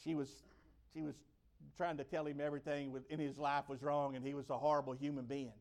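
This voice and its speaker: A man's voice: medium pitch, level tone, a little fast. A man from the United States preaching a sermon, emphatic and repeating his key phrases for weight.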